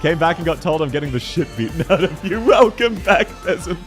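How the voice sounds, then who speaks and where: A man's voice: on the high side, animated, faint music behind. A young man with an Australian accent, a VTuber streamer chatting playfully with viewers while he plays a game. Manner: playful, teasing, quick to laugh. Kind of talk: casual livestream commentary.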